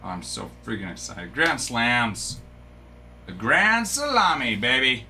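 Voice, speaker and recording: A man hosting a live card-opening stream, chatting excitably and breaking into yells of delight. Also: mid-range voice, takes it slowly, slight background noise.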